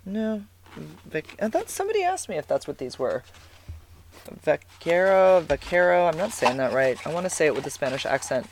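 A woman's voice: low-pitched, sing-song, fast, a little mellow, slight background noise. A woman in her forties from California, chatting casually to camera as a vlogger in a rambling way, full of fillers and "like"s. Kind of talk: casual personal storytelling.

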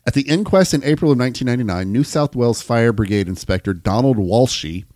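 A man's voice: mid-range voice, expressive, fast talker, a little mellow, no echo, clean studio sound. An American man co-hosting a podcast, reading long passages aloud in a casual chat and stumbling over words now and then. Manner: reads long passages, stumbles and restarts, jokes along. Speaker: podcast co-host.

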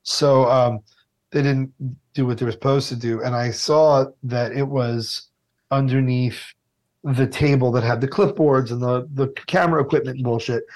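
Man telling stories, animated and profane. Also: medium pitch, normal speed. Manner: animated, profane, self-deprecating storyteller. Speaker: podcast guest, TV food host. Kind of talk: casual storytelling interview.

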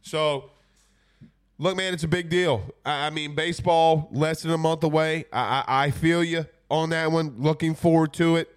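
Sick sports-talk host, stuffy nose, laid-back rambling delivery, slightly high voice. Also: male voice, steady tone, normal speed, clear, resonant tone. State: congested from a cold. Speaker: podcast host. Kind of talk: casual sports talk, reading viewer comments.

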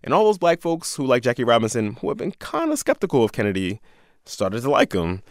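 A man's voice: mid-range voice, huge pitch swings, a little fast, no room sound, studio quality. A man co-hosting a podcast, telling a history story in a casual, jokey way and laughing often. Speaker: podcast co-host.

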